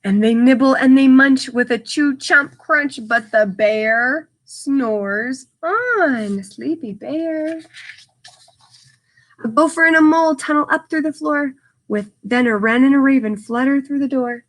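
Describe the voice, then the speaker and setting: A woman reading a picture book aloud to children, stopping to explain words in simple terms and adding lively asides and sound effects. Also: sits high, normal speed.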